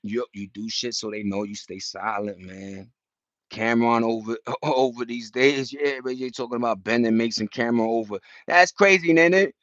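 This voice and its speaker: A man's voice: medium pitch, normal speed, a bit bright, no echo. A young man hosting a casual chat, rambling in slang with many restarts. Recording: dull dry lo-fi sound.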